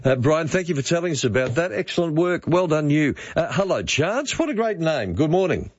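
An older man hosting talkback radio, chatty and quick to exclaim as he reads listener texts aloud. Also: fairly high pitch, sing-song, a little hiss or hum. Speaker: radio host. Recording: dull dry studio sound.

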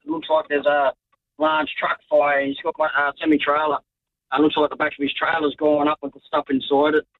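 A man calling in to a radio show to report a traffic incident, speaking in a halting way with many fillers over a tinny phone line. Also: fairly high pitch, lively intonation, gravelly, no echo. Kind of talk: phone-in call.

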